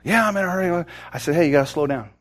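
A man delivers a sermon in a fairly high voice. He drops low to tell a personal story, then builds to loud, urgent exhortation and often repeats words as he starts a thought. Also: expressive, racing. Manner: swings between loud urgent preaching and quiet storytelling. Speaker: pastor.

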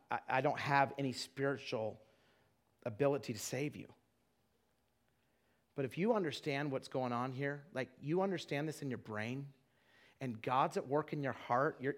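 A middle-aged man preaching a sermon with an altar call, earnest and repetitive, dropping to hushed tones for prayer. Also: medium pitch. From Twin Falls area, United States. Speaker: evangelist.

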